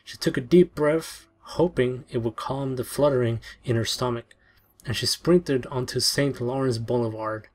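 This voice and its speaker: A man reading a story aloud in a steady, expressive way. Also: mid-range voice, normal speed. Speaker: narrator. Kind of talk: audiobook reading. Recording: soft background music.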